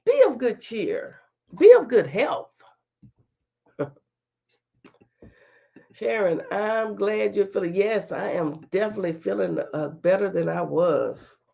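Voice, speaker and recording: In a mid-range, sing-song voice that is gravelly and mellow, a woman talks slowly with long pauses. She's hosting a casual, folksy livestream talk show and greeting viewers by name, her voice not quite right yet as she recovers from illness.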